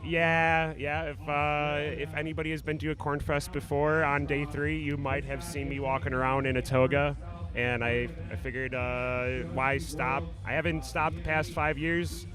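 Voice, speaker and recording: Higher-pitched laid-back male commentator. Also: flat delivery, normal speed, music in the background. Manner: laid-back, joking banter with fillers. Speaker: event commentator. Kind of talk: live play-by-play commentary. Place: outdoor lakeside event.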